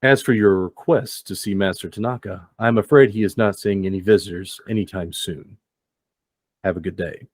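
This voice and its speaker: A man voicing a calm, polite male dojo gatekeeper in a tabletop game, speaking formally and courteously. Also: low voice, normal speed, dry recording. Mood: firm.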